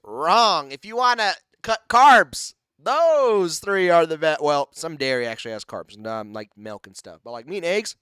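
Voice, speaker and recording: A young man co-hosting a podcast in casual chat, animated and laughing often, dropping slang like "bro" and "dude". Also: a little high, measured pace, few pauses, smooth, dry recording, studio quality. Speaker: podcast co-host.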